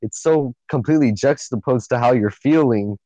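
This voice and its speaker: A young man co-hosting a podcast, telling a group story in casual chat, animated and swearing often. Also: medium pitch, normal speed, no echo. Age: young adult. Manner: animated, swears a lot, acts out friends' lines. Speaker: podcast co-host.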